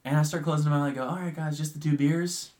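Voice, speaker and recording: A man's voice: fairly high pitch, very fast. Swearing young man telling a bar story. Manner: animated, swears freely, acts out quoted people. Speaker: podcast co-host. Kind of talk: casual storytelling chat.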